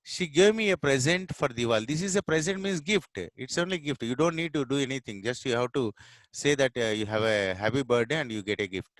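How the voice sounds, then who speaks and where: A middle-aged Indian man with an Indian English accent explains English vocabulary slowly, repeating words and pausing on fillers. His voice sits at an ordinary pitch, recorded close and dry with no room sound. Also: a bit bright, no room sound. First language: Telugu. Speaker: English teacher. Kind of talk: explanatory lesson.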